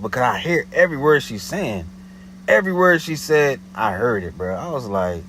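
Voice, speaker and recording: A man's voice: mid-range voice, expressive, fairly quick, fairly bright tone, a little hiss or hum, rough recording. A man telling a story in a casual, slangy way, often checking "you know what I'm saying".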